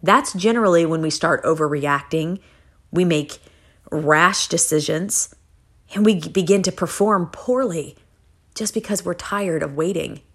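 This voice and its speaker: Female preacher, sermon delivery, lively storytelling, soft drops for emphasis. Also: on the low side, a little slow, husky. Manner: animated storytelling, voice rises for acted pleas, drops soft for calm.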